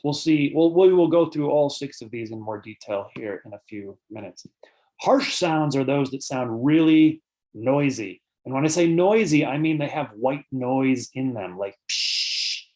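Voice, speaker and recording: A man's voice: mid-range voice, darkish tone. A man giving a lecture on bird sounds at an online conference, explaining terms with frequent fillers and answering audience questions between points. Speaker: birding author and presenter.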